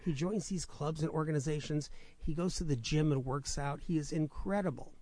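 A male radio host chatting in a rambling, joke-telling way, often stammering and restarting. His voice sits on the higher side and the sound is dry and close. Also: fairly quick, a little mellow, no echo. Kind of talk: radio talk show chat.

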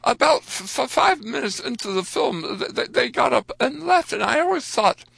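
Animated, gravelly male storyteller. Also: very high voice, moderate pace, no echo. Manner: animated storyteller who stammers and repeats words. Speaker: former history teacher telling stories. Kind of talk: storytelling at a live talk.

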